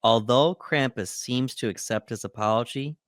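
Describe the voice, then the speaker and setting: A man's voice: medium pitch, normal speed, fairly bright tone, dry recording. A man co-hosting a movie podcast, recapping the plot steadily with dry humor. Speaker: podcast co-host. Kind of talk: reading a plot summary and chatting.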